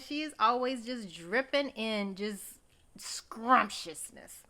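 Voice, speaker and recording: A woman's voice: a little high, animated, takes it slowly, pushed and bright, slight background noise. A woman recapping a TV episode in a chatty, gossipy way, exclaiming often and talking straight to her viewers. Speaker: TV recap host.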